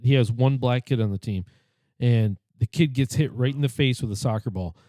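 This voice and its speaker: A man on a podcast, telling anecdotes with laughter in a relaxed chat. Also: mid-range voice, normal speed, no echo. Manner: lively, laughs while telling stories. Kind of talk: casual storytelling chat.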